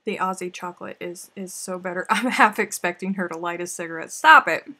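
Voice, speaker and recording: A woman with a twang chats casually with her livestream viewers, playful and talkative as she answers comments between snacks. Her voice has a husky, slightly breathy texture. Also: lowish voice, steady tone, a little fast, pushed and bright. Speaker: crochet livestream host.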